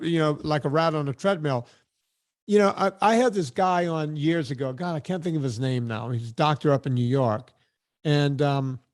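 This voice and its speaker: A man hosting a podcast interview, talking in an animated, emphatic way and often repeating words as he gets going. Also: fairly high pitch. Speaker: podcast host. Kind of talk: casual conversational interview.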